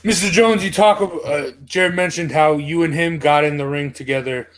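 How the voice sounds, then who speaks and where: A man's voice: a little high, moderate pace, fairly bright tone. A man hosting a casual podcast, asking questions in a friendly way with many fillers. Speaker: podcast host.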